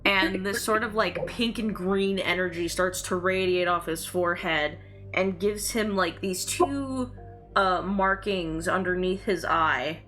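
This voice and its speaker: A woman's voice: lowish voice, a little slow, fairly bright tone, soft background music. A woman acting as dungeon master, narrating a tabletop game in a chatty way with lots of fillers. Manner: chatty narration full of likes and uhs.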